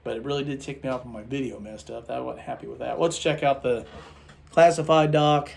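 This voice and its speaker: A tired man rambling through a casual toy review vlog late at night, halting and restarting his sentences. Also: mid-range voice, vocal fry, darkish tone, slight background noise. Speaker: toy collector vlogger.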